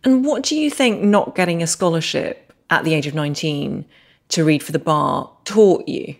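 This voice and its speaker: A woman hosting a podcast who asks calm, direct interview questions. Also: low voice, normal speed, vocal fry. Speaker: podcast host.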